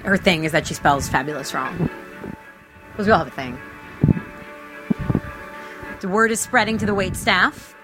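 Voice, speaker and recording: A woman chatting casually as she watches a movie with a friend, sarcastic and quick to joke. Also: on the low side, lively intonation, over music, rough recording. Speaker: co-host.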